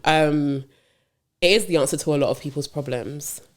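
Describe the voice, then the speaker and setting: A woman's voice: sits low, normal speed. A woman co-hosting a podcast, chatting casually and thinking aloud in long, rambling sentences with many ums. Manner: musing, talks in long run-on thoughts with many ums. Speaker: podcast co-host. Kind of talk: casual chat.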